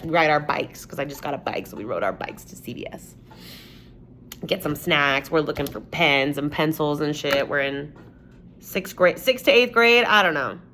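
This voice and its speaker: A woman's voice: sits low, bright, forceful tone, slight background noise. A young woman vlogger telling a personal story in a rambling, casual way, swearing often and saying "like" a lot.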